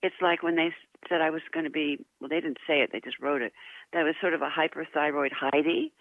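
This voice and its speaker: An older woman, a guest actress, telling lively anecdotes in an interview, laughing often and poking fun at herself. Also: deep voice, quick pace, no echo. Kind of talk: interview storytelling. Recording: tinny phone line.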